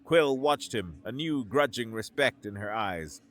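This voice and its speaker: A man narrating a sci-fi story in a steady, even scripted delivery. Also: fairly low pitch, a little slow.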